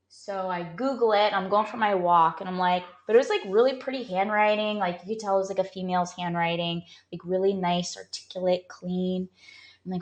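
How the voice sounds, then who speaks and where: A woman's voice: mid-range voice, moderate pace, bright, forceful tone. A woman performance coach talking casually to her viewers, telling a story and giving motivational advice with many "like" fillers. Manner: chatty, storytelling, lots of "like" fillers. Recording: echoey room.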